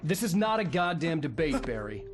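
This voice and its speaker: A man's voice: fairly high pitch, sing-song, moderate pace. An actor playing a grim, determined male writer in a video game, speaking tersely and bluntly. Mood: stern. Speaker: game character. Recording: distant game audio over music.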